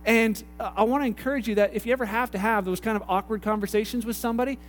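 A man's voice: high voice, steady tone, very fast. A middle-aged man from Canada preaching a conversational sermon as a pastor, repeating phrases and acting out little dialogues. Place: church hall.

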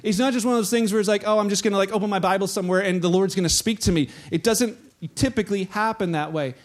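Male pastor with a high voice, preaching through anecdotes and playing every quoted voice himself. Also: quick pace. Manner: storytelling, acts out quoted voices. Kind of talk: sermon.

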